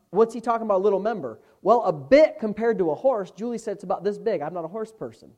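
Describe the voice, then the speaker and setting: A male pastor, preaching a Bible lesson, slowing down and swelling in volume when he quotes scripture. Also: high voice, animated, warm tone. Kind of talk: sermon.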